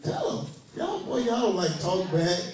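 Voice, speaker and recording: High-voiced preacher in an echoey hall. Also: male voice, huge pitch swings, unhurried, distant mic, crowd noise. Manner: folksy, joking, urging the congregation to answer. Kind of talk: call-and-response sermon.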